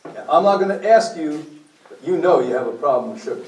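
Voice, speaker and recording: High-voiced man lecturing in an echoey room. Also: animated, a little fast, a little mellow, distant mic. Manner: preachy and blunt, asks the audience questions. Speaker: speaker at a health meeting. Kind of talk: impassioned lecture to a group.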